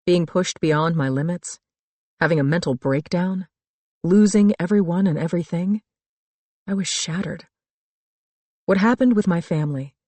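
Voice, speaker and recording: A middle-aged woman narrating a first-person thriller audiobook in a calm, reflective storytelling manner. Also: low voice, no echo. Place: dry studio booth.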